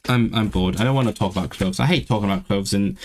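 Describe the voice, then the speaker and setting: A man's voice: fairly low pitch, fast talker. Chatty young man streaming his studies. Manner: chatty, restarts words often, reads course text aloud. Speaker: streamer studying a language. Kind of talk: casual livestream chat.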